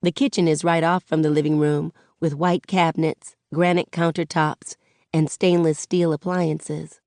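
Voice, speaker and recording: A woman reads a first-person audiobook with relaxed, conversational storytelling. Her voice is low and unhurried. The recording is close and dry, with no room sound. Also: dry recording. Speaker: audiobook narrator.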